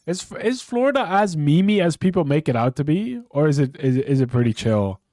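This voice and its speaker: A man's voice: a little high, very animated, brisk, warm tone, no room sound. A man streaming and chatting casually with viewers, swearing freely and rambling off the cuff. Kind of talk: casual live-stream chat.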